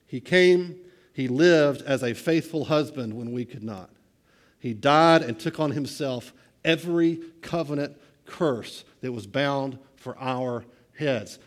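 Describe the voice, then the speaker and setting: A middle-aged man preaching a sermon, swinging between hushed, quiet lines and loud, excited bursts. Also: mid-range voice, a little slow. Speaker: pastor.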